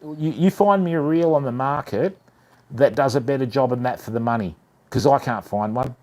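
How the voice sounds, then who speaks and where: With a mid-range, darkish voice at normal speed, a man runs a relaxed fishing livestream. He chats away with viewers in a matey manner, calling them mate and fam.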